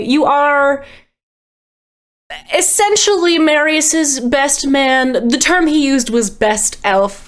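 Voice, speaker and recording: A woman game master narrates the scene in a slightly high voice. She is easygoing and descriptive, with small chuckles between details. The tone is casual tabletop play among friends.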